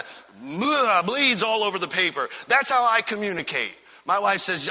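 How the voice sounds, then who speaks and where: A male pastor with a high, ringing, very bright voice preaches with fiery enthusiasm, stacking one rhetorical question on the next. The sound carries the long reverb of a large church hall. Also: sing-song, moderate pace. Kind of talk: sermon. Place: church sanctuary.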